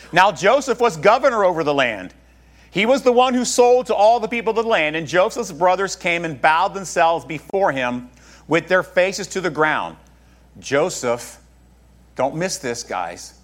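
A man pastor preaching a sermon, talking to his congregation in a conversational way with joking asides. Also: a little high.

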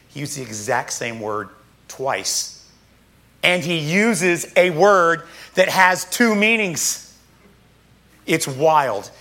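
A man preaching a sermon, reading scripture aloud and explaining it in an emphatic, casual way with quick asides. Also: on the high side, fairly bright tone.

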